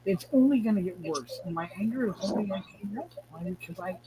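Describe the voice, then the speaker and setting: A man's voice: high-pitched, lively intonation, fast, noisy background. Male streamer, in pain, sleepless, angry, swears and rambles. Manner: agitated, profane, rambling with restarts. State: in pain, struggling to stay awake. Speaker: livestream host. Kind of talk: casual livestream chat.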